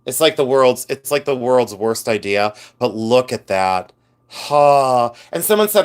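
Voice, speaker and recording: A man's voice: medium pitch, expressive, a little slow, smooth. Chatty middle-aged man from Ohio. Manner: chatty storyteller, laughs often, reads viewer comments aloud. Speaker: livestream host and reseller. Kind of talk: casual live-stream chat.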